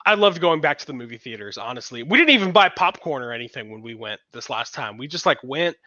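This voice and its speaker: A man's voice: mid-range voice, very animated, quick pace, bright, forceful tone, dry recording, highs cut off. A man co-hosting a podcast in casual chat, rambling with fillers and restarts. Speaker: podcast co-host.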